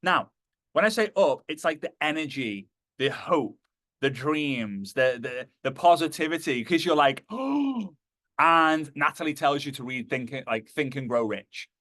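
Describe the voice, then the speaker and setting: A man giving a motivational talk to a live audience, animated and jokey, slipping into acted voices. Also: medium pitch, normal speed, dry recording. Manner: animated, acts out quoted voices, jokey asides. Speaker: motivational speaker.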